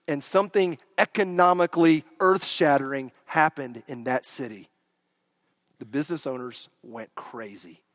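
High-voiced male preacher, animated. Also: no echo. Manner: animated storyteller, swinging from loud bursts to hushed lines. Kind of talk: sermon.

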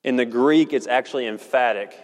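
A man preaching a sermon in a church, earnest and measured, slowing down to stress key words. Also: mid-range voice. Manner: earnest, measured, slows for emphasis. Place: church sanctuary. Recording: long hall reverb.

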